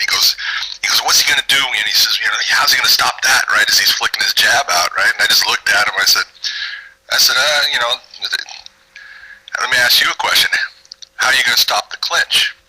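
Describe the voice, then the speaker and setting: A middle-aged man, a guest on a podcast, telling a story in an animated way and acting out the dialogue. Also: on the low side, poor audio. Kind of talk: storytelling interview.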